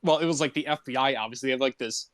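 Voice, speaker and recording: A man's voice: mid-range voice, very fast, a bit bright, dry recording, clean studio sound. A man co-hosting a podcast in casual chat, rambling through long stories and laughing easily. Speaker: podcast co-host.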